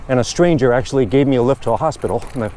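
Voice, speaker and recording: A man's voice: mid-range voice, rapid-fire, mellow, slight background noise. A man chatting casually and rambling good-humoredly while riding his bike outdoors. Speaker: vlogger. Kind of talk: casual narration while cycling.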